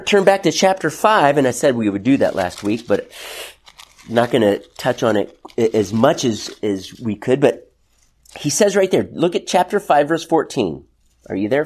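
Animated man teaching a Bible class. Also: a little high. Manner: conversational, asks the group questions, frequent restarts.

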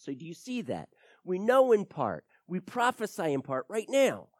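Animated preacher man, lively dry delivery. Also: high voice, a little slow, no room sound. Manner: emphatic, animated teaching with frequent repeated words. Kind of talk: verse-by-verse sermon.

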